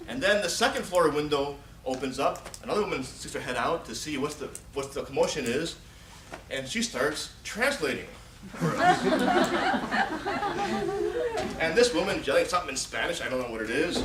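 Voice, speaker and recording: A man's voice: on the high side, moderate pace. A man in his forties giving a humorous storytelling speech at a contest, acting out the scenes as he goes. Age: 40s. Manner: animated, acts out scenes and shouted pleas. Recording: echoey hall, distant mic, noisy.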